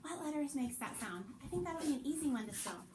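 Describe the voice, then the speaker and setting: A woman teaching young children to sound out letters from her home, talking slowly in a sing-song teacher's voice. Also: high voice, expressive, background noise. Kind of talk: remote phonics lesson for young children. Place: her home, with pets around.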